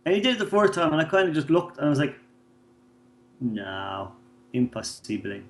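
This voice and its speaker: A man's voice: on the high side, rapid-fire. A man, co-hosting a podcast and telling profane stories in casual chat, acting out the people in them. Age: 30s. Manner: swearing storyteller, acts out voices in anecdotes. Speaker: podcast co-host.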